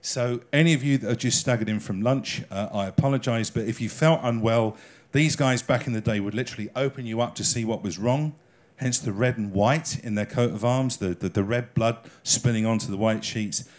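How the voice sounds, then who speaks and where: A man's voice: medium pitch, a little fast. An English man giving a chatty lecture on whisky to an audience, with slides, often checking in with the room and making small jokes. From England. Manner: chatty, jokey, asks the audience questions. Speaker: cruise ship enrichment lecturer.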